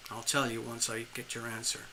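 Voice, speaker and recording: A man reading tarot live for a viewer, talking in a rambling, animated way with frequent restarts and chuckles. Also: mid-range voice, brisk, slight background noise. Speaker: tarot reader hosting a live stream.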